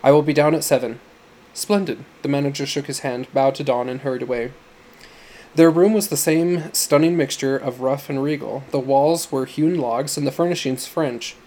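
A man narrating an audiobook story in a measured storytelling manner. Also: medium pitch, steady tone, mellow.

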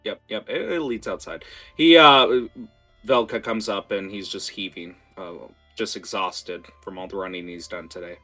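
A man running a tabletop game as game master, talking in a lively, rambling way with fillers. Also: lowish voice, normal speed, faint music behind.

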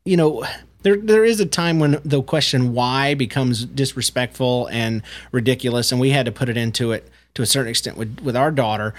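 A man in his thirties co-hosts a relaxed parenting podcast. His voice sits in a middle register, and he speaks earnestly, laying out his reasoning step by step. He often restarts his phrases as he thinks aloud. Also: medium pitch, a little fast. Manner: earnest, explanatory, with frequent restarts. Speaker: podcast co-host. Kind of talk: casual parenting chat.

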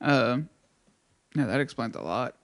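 A man's voice: medium pitch, expressive, measured pace, a bit bright. A man co-hosting a podcast, telling profane stories in casual chat and laughing often. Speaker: podcast co-host.

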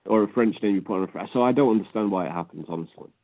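A man's voice: on the low side, rapid-fire, no echo. A man co-hosting a casual wrestling chat, blunt and opinionated. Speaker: podcast co-host. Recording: tinny phone-like line.

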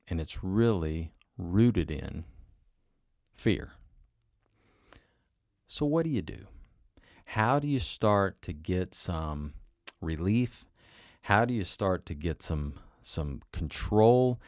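A very low-pitched man talks through a self-help episode in a relaxed, conversational way. He asks rhetorical questions, repeats his phrases, and now and then acts out an inner voice. The sound is dry and close, with no room echo. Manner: acts out inner voices in short quoted asides. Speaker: podcast host. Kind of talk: motivational self-help talk.

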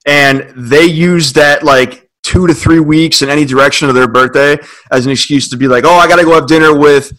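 A man telling a long, animated story in a casual podcast chat, leaning heavily on filler words. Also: a little high, a little fast, hardly any pauses, rough recording.

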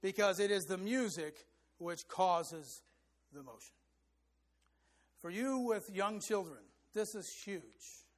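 Guy with a pretty high voice preaching, singing bits of hymns now and then, leans hard on his points. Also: animated, slow, long pauses. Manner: sings short hymn phrases to show rhythm; emphatic, rising for stress. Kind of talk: sermon.

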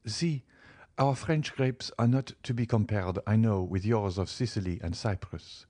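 A man's voice: on the low side, measured pace, darkish tone, dry recording. A man voicing a sorrowful, pleading French countess with a tremulous, plaintive voice in an audiobook reading. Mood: sad, pleading.

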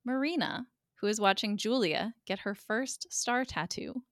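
A woman guest co-host casually recapping a TV episode on a podcast, chatty and quick to act out characters' lines. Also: a little high, animated, no room sound, studio quality.

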